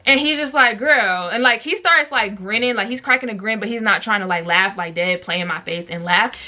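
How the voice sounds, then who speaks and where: A woman's voice: medium pitch, a little fast, sharp tone. A young woman telling a storytime vlog in a chatty, slangy way, full of fillers and talking straight to her viewers. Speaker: storytime vlogger.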